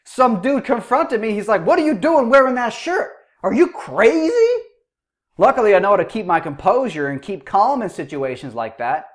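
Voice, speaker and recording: A man hosting a reaction commentary, ranting angrily and swearing a lot. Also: high voice. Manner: angry, profane ranting. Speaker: host.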